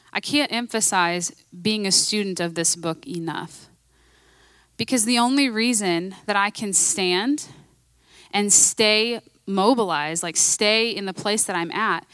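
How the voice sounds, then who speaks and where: A woman's voice: mid-range voice, pushed and bright, no echo. A woman preaching a sermon in a conversational, emphatic way, repeating her key phrases.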